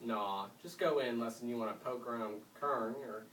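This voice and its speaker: A bored, rude teenage girl behind a counter, as a man reading a storybook puts her on, drawling thick and slow and brushing everything off. The voice is pushed well up in pitch and echoes in a roomy space, heard from far off. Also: a bit bright, a little hiss or hum, close to an everyday voice. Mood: dismissive. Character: rude, bored thirteen-year-old girl at a ticket counter. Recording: roomy room, mic far off.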